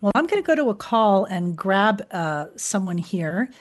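A woman hosting a call-in radio show, chatty and relaxed with lots of fillers. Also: mid-range voice, a little slow.

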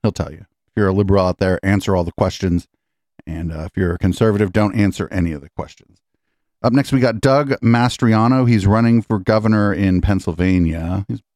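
A man's voice: deep voice, a little mellow, dry recording, studio quality. A man hosting a podcast, mocking and profane, reacting incredulously to political clips. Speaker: podcast host. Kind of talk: sarcastic political commentary on clips.

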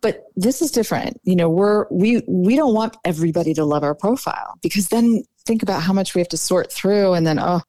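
A woman's voice: lowish voice, brisk, hardly any pauses, no echo. Woman dating coach, chatty, says like a lot, dry close sound. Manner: chatty, animated, lots of "like" and "you know". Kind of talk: casual podcast interview.

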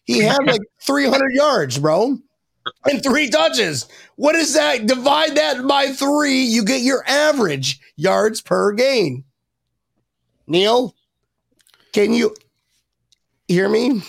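A man hosting a casual podcast chat, rambling and excitable, with sudden high-pitched outbursts. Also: takes it slowly, gravelly, pauses often, no room sound, studio quality. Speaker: podcast host.

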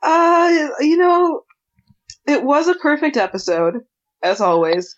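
A woman's voice: sits high, big pitch swings, slow pace. A woman co-hosting a podcast in casual chat, sarcastic and mock-offended. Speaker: podcast co-host. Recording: dull lo-fi sound.

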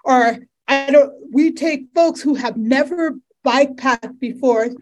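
A woman's voice: high voice, slow, darkish tone. Effusive woman hosting a podcast. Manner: enthusiastic, effusive. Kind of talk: casual chat.

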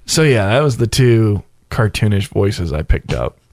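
A man in his thirties hosting a casual chat, telling animated stories and laughing often. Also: on the low side, measured pace, no echo. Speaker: podcast host.

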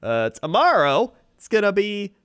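A man co-hosting a comedy podcast, joking in a deadpan way with mock explanations. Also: high-pitched, unhurried, clear, resonant tone, dry recording, studio quality. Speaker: podcast co-host. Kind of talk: casual comedic chat.

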